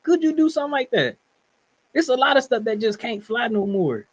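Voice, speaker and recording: A man's voice: very high voice, big pitch swings, a little fast. A man co-hosting a podcast who argues his point emphatically in casual slang. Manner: emphatic, opinionated, slangy, laughs often. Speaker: podcast co-host. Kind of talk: casual wrestling podcast chat. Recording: dull, lo-fi sound.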